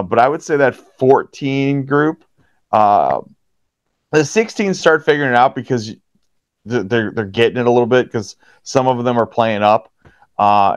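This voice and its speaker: A man's voice: normal speed, clean tone, dry recording. A man who works as a hockey referee, chatting casually in an interview and acting out quotes from players with big jumps in his voice. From Pittsburgh area, USA. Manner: animated storyteller, acts out quotes with jumps in pitch. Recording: dry, slightly dull podcast audio.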